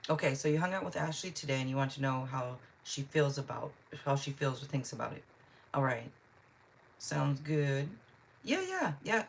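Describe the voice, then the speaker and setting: A woman from Seattle hosts a live tarot stream, chatting loosely and reading out viewers' comments as they come in. Her voice sits low and slightly husky. She talks in an easy, conversational way, full of little asides. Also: animated, normal speed. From Seattle, Washington. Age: adult. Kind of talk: casual live-stream chat.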